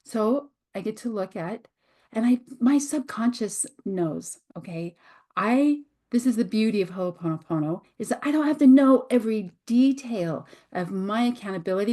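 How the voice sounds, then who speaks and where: A middle-aged woman hosting her own show, a hypnotherapist giving a reflective teaching talk with pauses and restarts. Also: medium pitch, mellow. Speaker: host and hypnotherapist.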